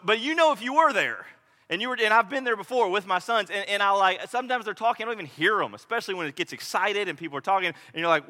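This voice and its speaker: A middle-aged man preaching a sermon with animated storytelling, his voice high and bright. The sound carries a long reverb from a church hall. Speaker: pastor.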